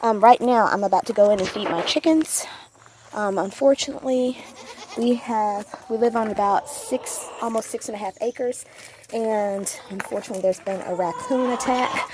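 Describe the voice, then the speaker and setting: A woman's voice: medium pitch, normal speed, darkish tone, slight background noise. A woman, chatting casually with plenty of ums as she walks around her small farm. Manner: chatty and informal, with frequent ums. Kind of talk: casual vlog chat.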